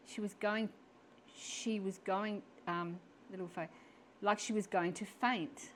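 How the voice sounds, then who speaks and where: A woman's voice: on the low side, a little hiss or hum. A woman reading her own story aloud, adding chuckling personal asides between passages.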